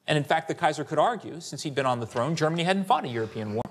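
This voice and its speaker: A man giving a lecture as a historian, conversational and lively, often asking "Right?" and quoting sources in character. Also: a little high, rapid-fire, slight background noise. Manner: conversational, rhetorical asides like "Right?"; animated, quotes sources in character. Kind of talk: academic lecture.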